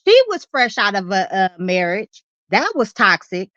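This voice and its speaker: A woman caller speaking in an animated, opinionated and slangy way about a celebrity breakup. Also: mid-range voice, unhurried, dry recording, muffled recording. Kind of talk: call-in radio chat.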